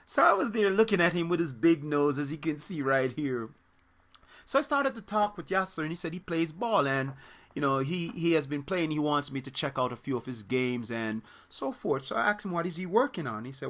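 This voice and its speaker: Brief: male soccer coach, casual vlog host, bright tone, lively and rambling delivery. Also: fairly high pitch. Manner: animated, rambling, with many fillers and quoted voices. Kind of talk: casual storytelling to camera.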